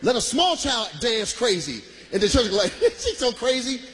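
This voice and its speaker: A man from Michigan doing stand-up comedy, loud and shouting his punchlines while laughing through the bits. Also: high voice, sing-song, moderate pace, a little hiss or hum.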